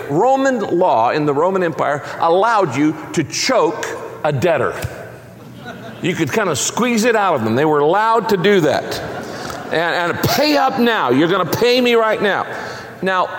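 Man preaching, lively swooping delivery, slightly high voice, emphatic repetition, long hall reverb. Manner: animated, emphatic preaching with repeated phrases. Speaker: pastor. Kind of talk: sermon.

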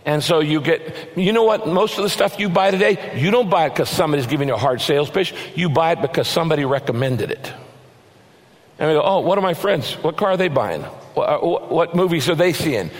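Preaching man in a reverberant hall. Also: on the high side. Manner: earnest, varies pace, slows to stress scripture. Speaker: pastor. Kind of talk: sermon. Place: large church auditorium.

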